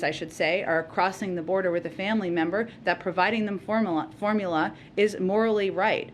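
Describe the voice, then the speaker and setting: A woman press secretary fields questions from the podium, her voice sitting a touch low. She answers in a measured way with frequent "uh" pauses, and faint room noise hangs under her.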